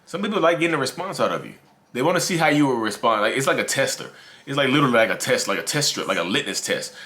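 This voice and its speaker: A sing-song, quick-paced delivery with a sharp tone marks this man's mid-range voice. Hosting his own YouTube channel, he talks casually about narcissism, repeating himself and speaking to "y'all."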